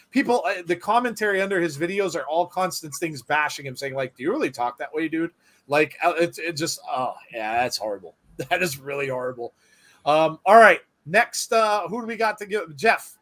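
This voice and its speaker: Male co-host, a bit high-pitched, excitable, reads comments aloud. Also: brisk. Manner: exclaims and reacts loudly. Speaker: podcast co-host. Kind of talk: casual chat.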